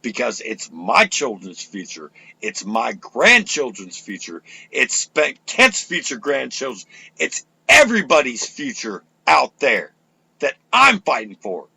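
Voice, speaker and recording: An older man hosting an internet radio talk show, ranting loudly and profanely with fiery energy. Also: mid-range voice, wildly swooping pitch, unhurried, creaky, husky.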